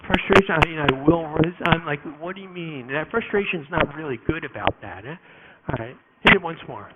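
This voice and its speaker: A man giving a live conference talk to an audience, animated and jokey, with quick asides and many restarts. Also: fairly high pitch, phone-quality sound, heavy background noise. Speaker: conference speaker. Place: conference room before an audience.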